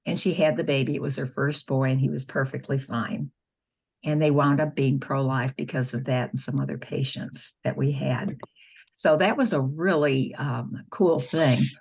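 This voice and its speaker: A woman's voice: rumbling low, steady tone, normal speed, gravelly, a little mellow, breathy edge. A middle-aged woman, a nurse and spokeswoman, telling patient stories earnestly in an interview, acting out the dialogue. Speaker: nurse and pro-life spokeswoman. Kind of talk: conversational interview storytelling.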